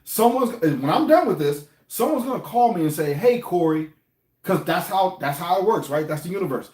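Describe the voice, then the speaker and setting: A middle-aged man with an African American English accent talks loosely to the camera, circling back over his points and tossing questions at his viewers. His voice sits a little high for a man, and the room around him rings with echo. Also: lively intonation, moderate pace, a little mellow. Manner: conversational, repeats himself, asks viewers questions. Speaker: finance vlogger. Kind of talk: casual to-camera talk. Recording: echoey room.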